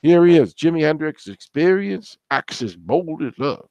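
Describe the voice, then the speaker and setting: A man's voice: a little high, expressive, normal speed, hardly any pauses, warm tone, no room sound, muffled recording. A man hosting a casual album countdown, talking in a rambling, opinionated way with gossipy asides. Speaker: music show host.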